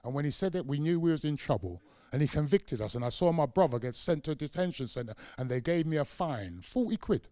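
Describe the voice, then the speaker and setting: A man's voice: a little high, fairly quick, dry recording. A middle-aged man giving a lecture, telling a personal story with lots of life and acting out the voices in it. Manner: animated storyteller, acts out quotes, varies loudness widely. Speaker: guest lecturer. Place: lecture hall.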